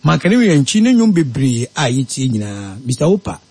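A man hosting a radio talk show, moving between solemn announcements, lively banter and ad reads. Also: medium pitch, brisk, slightly rough, dry recording. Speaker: radio host.

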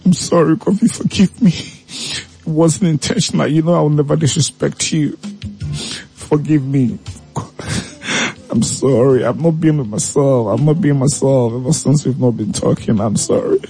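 A man voicing a tearful young woman who begs her partner's forgiveness in a high, sobbing voice. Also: moderate pace, creaky, dark tone, soft background music. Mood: tearful pleading.

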